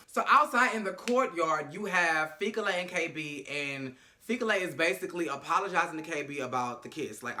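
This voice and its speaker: A man's voice: on the high side, expressive, moderate pace, pushed and bright. A man recapping a TV episode in a casual, sassy, profane and dramatic way. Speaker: show recapper.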